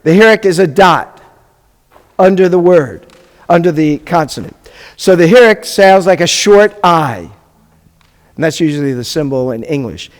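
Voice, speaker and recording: A rabbi teaching a beginners' Hebrew class, patiently sounding out syllables and checking that the class is following. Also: male voice, a little high, expressive, normal speed, long pauses. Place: congregation classroom or hall. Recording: long reverb of a hall.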